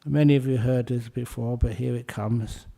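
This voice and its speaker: A man giving a Buddhist dharma talk, explaining with gentle humour and telling a story to make his point. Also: mid-range voice, fairly even intonation, normal speed, gravelly. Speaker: Buddhist teacher.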